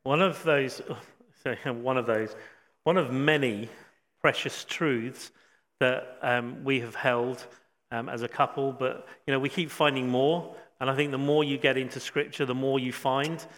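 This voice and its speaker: A man preaching a sermon, reflective, with frequent pauses and restatements. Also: medium pitch, fairly even intonation, a bit bright. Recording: long hall reverb.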